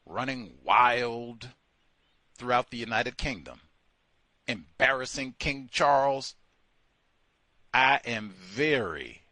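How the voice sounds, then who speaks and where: A man's voice: medium pitch, animated, slow, long pauses, pushed and bright, no echo. A man hosting a satirical call-in show, talking in a sardonic way with mocking asides. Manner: sardonic, switching between mocking voices and asides. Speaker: radio show host.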